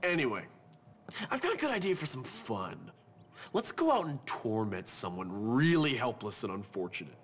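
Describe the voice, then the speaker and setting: A man's voice: medium pitch, very animated, normal speed, noisy background, natural voice. A man voicing a scheming, sarcastic teenage boy bully in a video game cutscene, mocking in a sing-song way.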